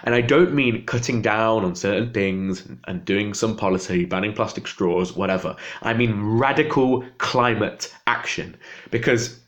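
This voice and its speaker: A man's voice: on the low side, normal speed, fairly bright tone. A young man venting in an impassioned political rant to camera, exasperated and agitated. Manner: agitated, exasperated, voice jumping up when upset. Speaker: vlogger.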